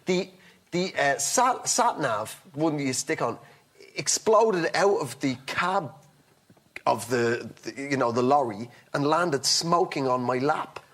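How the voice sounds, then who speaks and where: Man, comedian guest, husky voice, a bit high, rambling anecdote, halting restarts, acts out other voices. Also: animated, fairly bright tone. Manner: acts out other people's lines in the story. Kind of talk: telling an anecdote on a comedy talk show.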